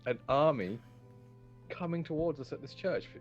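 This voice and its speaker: A man's voice: fairly high pitch, expressive, brisk. A man playing a tabletop game, mischievous and pushy with his ideas. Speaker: player. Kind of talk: casual tabletop play. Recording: dull lo-fi mic with faint music.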